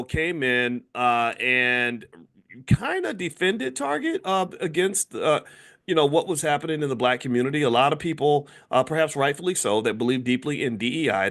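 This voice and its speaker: A man's voice: medium pitch, fairly bright tone. Middle-aged male host, loose rambling delivery, playful when quoting others. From United States. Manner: rambling, with many fillers and restarts. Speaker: finance commentator and channel host. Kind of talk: casual commentary monologue.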